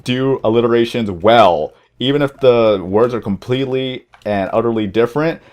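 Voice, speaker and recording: A man's voice: mid-range voice, normal speed, a little mellow. Man rambling through casual game commentary. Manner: rambling, stumbles over words; chatty, addresses viewers directly. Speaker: gaming channel host. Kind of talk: casual let's-play commentary.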